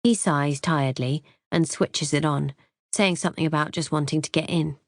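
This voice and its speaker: A woman's voice: low-pitched, normal speed, no echo, studio quality. A woman reading a first-person thriller in a wry, conversational way. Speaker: audiobook narrator.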